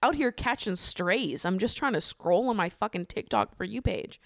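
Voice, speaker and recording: A young woman hosting a casual solo podcast, ranting in an opinionated, profane, animated way with bursts of laughter. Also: medium pitch, normal speed, vocal fry, dry recording, studio quality. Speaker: podcast host.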